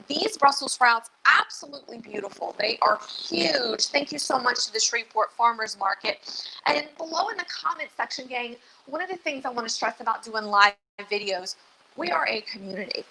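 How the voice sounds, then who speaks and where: A woman's voice: on the high side, sharp tone, slight background noise, poor audio. A woman hosting a live cooking demonstration as a dietitian, chatty, upbeat and a little nervous. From Louisiana. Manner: chatty and self-deprecating, nervous but upbeat.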